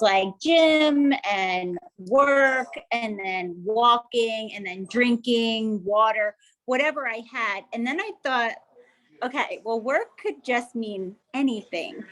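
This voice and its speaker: A woman with a slightly high voice talks casually in a book club discussion over a video call. Her talk is chatty and full of "like" fillers. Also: a bit bright, poor audio.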